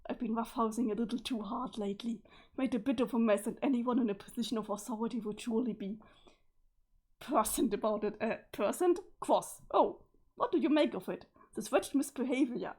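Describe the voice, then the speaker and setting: A woman's voice: fairly high pitch, fairly quick, darkish tone, slightly rough. A woman voicing a stiff, sweaty, formal male alien troll, in a pompous and stilted manner.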